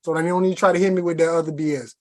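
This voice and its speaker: Man, podcast host; high voice, loose slangy chat, lots of restarts. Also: fairly even intonation, very fast.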